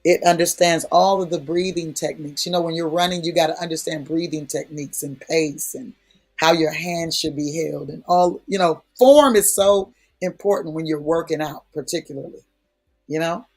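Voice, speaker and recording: Man, prayer-session preacher, husky and a touch high, folksy and emphatic. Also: steady tone, moderate pace, a little mellow. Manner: folksy, emphatic, repeats key phrases. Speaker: prayer speaker.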